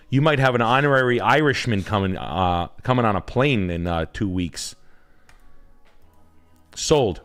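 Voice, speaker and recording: A man hosting a live stream and reviewing house listings in casual chat, excitable and full of profanity as he jokes and riffs. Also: mid-range voice. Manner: excitable, heavily profane, jokey riffing. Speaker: realtor and stream host.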